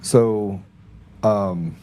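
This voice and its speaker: A man's voice: fairly low pitch, very slow, dark tone, slight background noise. A man hosting a political talk show, casual and rambling, often sarcastic, repeating his words as he goes. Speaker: podcast host.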